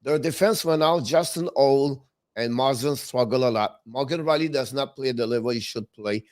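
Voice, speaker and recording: Man with halting phrasing. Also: medium pitch, a little mellow. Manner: halting, restarts phrases, non-native grammar. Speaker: hockey show co-host. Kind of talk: casual sports talk.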